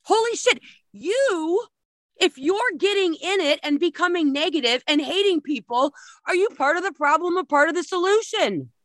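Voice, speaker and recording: A woman's voice: very high-pitched, lively intonation, moderate pace, no room sound, studio quality. A middle-aged woman giving a blunt, emphatic spiritual talk, swearing freely as she advises people.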